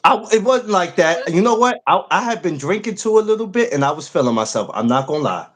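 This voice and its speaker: A man's voice: sits high, very animated, fast. A man hosting a podcast in casual morning chat, playful and teasing, repeating his phrases. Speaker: podcast host.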